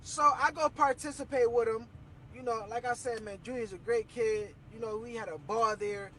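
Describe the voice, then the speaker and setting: A man's voice: extremely high pitch, moderate pace, poor audio. A young man telling a story to camera in a casual, slangy way, acting out what people said. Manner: animated, slangy, acts out quoted voices.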